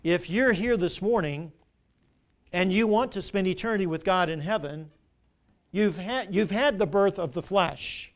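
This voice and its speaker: An older male pastor with a high voice delivers a sermon. He poses questions to the congregation and waits for the reply. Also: unhurried. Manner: preaching with call-and-response questions to the congregation. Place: church sanctuary.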